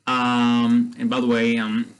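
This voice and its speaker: A man's voice: medium pitch, monotone, slow, soft background music, low-quality recording. Rambling man retelling a story. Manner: rambling, lots of fillers and repeats.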